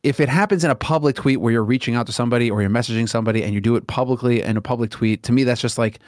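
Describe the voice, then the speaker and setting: A man's voice: medium pitch, racing, dry recording, studio quality. A man co-hosting an esports podcast, talking in an easygoing, rambling way. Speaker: podcast co-host. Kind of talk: casual podcast chat.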